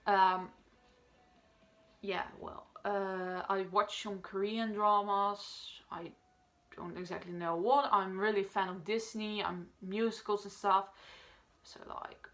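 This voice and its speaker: A chatty eighteen-year-old woman whose first language is Dutch, introducing herself to camera. She rambles and circles back, with lots of filler words and restarts, and her pitch sits in an ordinary middle range. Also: flat delivery, slow pace, fairly bright tone. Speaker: vlogger. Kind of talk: casual talk to camera.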